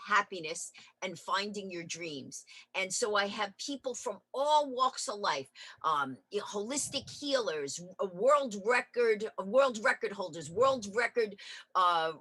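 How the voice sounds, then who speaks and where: An energetic woman guest tells her stories in a lively interview chat, acting out each bit of dialogue. Her voice is bright and forceful with a husky edge. The recording is dry and close. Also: medium pitch, dry recording. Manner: energetic storyteller, acts out dialogue.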